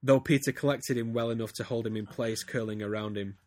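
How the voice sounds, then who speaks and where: A man's voice: medium pitch, fairly even intonation, brisk, darkish tone, no room sound, clean studio sound. A man, a podcast host giving a theatrical comic reading of a story. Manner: reads theatrically, breaks into laughter. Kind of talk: comedic dramatic reading.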